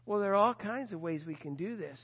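A man preaching a sermon, telling a story with lively animation and acting out the people he quotes. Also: high voice, a little fast, slightly rough, long reverb tail, highs cut off. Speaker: pastor.

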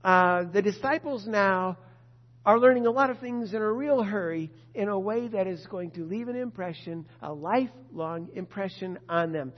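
A pastor preaching a sermon to his congregation, emphatic and expressive. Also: high-pitched, normal speed. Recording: dull lo-fi sound with long reverb.

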